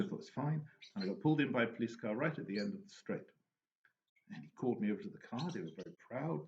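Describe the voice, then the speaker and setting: A man telling anecdotes and giving advice in a relaxed, casual monologue, often restarting his sentences. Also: mid-range voice. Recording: dull lo-fi recording with faint noise.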